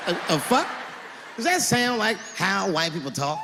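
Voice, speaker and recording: High, lively-voiced stand-up comedian man. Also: normal speed, creaky. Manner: animated storytelling, swinging into character voices. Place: large venue on stage. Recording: echoey hall with loud crowd and noise.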